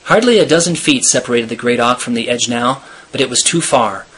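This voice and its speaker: A man reading a novel aloud in a steady, earnest storytelling manner. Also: mid-range voice, fairly quick, husky. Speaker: reader.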